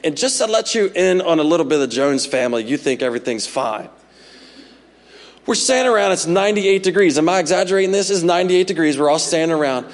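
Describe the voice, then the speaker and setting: A man in his forties preaches a sermon in a high, bright voice. He tells funny family stories and keeps turning to the congregation with asides. The sound carries a long reverb from a large church hall. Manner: humorous, animated storytelling with asides to the congregation. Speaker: pastor. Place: church sanctuary.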